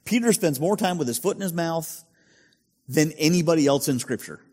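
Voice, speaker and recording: A male pastor preaching with a lively, up-and-down delivery and a fairly high voice. He asks the congregation rhetorical questions in a chatty tone, and his voice carries a long hall reverb. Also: moderate pace. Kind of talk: sermon.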